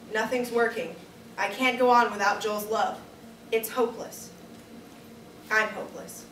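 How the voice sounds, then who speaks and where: A woman's voice: a little high, a little hiss or hum. Woman giving a reflective stage monologue. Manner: reflective, diary-like, measured. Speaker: performer of a dramatic monologue. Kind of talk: staged first-person dramatic monologue. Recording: echoey room, distant camera mic.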